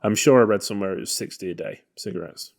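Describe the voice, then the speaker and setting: A man's voice: fairly low pitch, fast talker, vocal fry. A man co-hosting a podcast, talking casually about a film in a loose, hedging way. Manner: loose and hedging, full of "you know" and "kind of". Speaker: podcast co-host.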